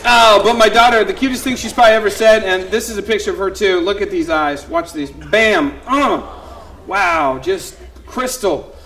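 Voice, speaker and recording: A man performing a one-man comedy show on stage, telling animated stories and acting out voices of his family. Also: sits high, normal speed, some chatter behind, slight background noise. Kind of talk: stand-up storytelling. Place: theater stage before a live audience.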